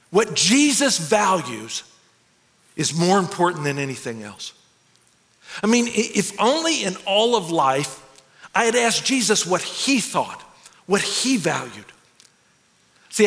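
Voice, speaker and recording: A man delivers a confessional first-person sermon, earnest and lively, his pitch swinging up and down. He stammers as he restarts lines. A long hall reverb trails each phrase. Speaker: dramatic monologue performer. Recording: echoey hall.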